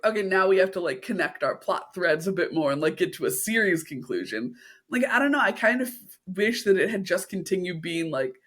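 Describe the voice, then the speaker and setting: Upbeat woman co-hosting a podcast. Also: on the low side. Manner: upbeat, agreeable, steers the talk. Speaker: podcast co-host. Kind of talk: casual chat.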